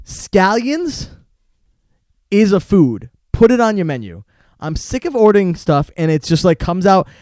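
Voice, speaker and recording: Podcast co-host, male, high voice, animated, dry close sound. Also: a little slow, no echo. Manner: animated, laughing rants about food. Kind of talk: casual chat.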